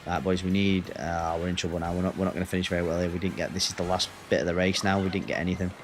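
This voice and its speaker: A man's voice: low-pitched, level tone, rapid-fire, over music. Man chatting on a game stream. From Northwest England. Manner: chatty, banters with chat, swears. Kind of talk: casual gaming stream chat.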